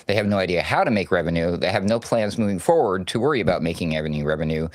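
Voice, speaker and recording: A man's voice: deep voice, expressive, dry recording. A man co-hosting a casual political commentary chat, sarcastic and joking as he muses. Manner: sarcastic, joking, drawn-out musing. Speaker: co-host.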